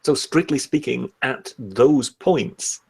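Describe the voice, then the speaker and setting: A man from the United Kingdom, a guest in a casual live stream discussion, speaking in a measured, articulate way. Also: medium pitch, expressive, vocal fry, darkish tone, husky. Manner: measured, articulate, a few restarts.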